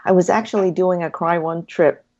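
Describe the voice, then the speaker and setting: A woman's voice: lowish voice, steady tone, normal speed, warm tone. A woman guest in an interview, earnestly telling her story and acting out her own inner dialogue in a dull, lo-fi recording. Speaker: hypnotherapy practitioner, guest.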